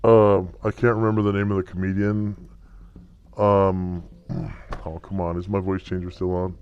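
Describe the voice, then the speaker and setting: A man running a tabletop game, talking through a voice changer that lowers his voice, halting and clearing his throat. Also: level tone, highs cut off. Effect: pitch-lowering voice changer. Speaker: game master. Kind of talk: casual tabletop game chat.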